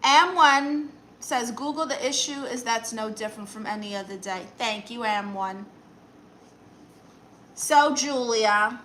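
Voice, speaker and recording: Sassy high-voiced woman reading chat. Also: unhurried, fairly bright tone, poor audio. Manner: sassy, dry comebacks to chat. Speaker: livestream host in a comic aunt persona. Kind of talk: comic livestream chat reading.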